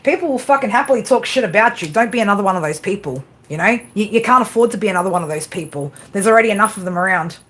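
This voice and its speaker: A woman's voice: mid-range voice, animated, very fast, few pauses, fairly bright tone. A woman hosting a casual livestream pep talk, blunt and swearing constantly, with frequent tag questions. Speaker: tarot reader and livestream host.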